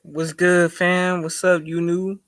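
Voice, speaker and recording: A man's voice: high voice, little pitch movement, slow pace, a bit bright, dry recording. A man joining a live online talk show over video call, greeting people in a laid-back, friendly way. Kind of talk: casual live-stream chat.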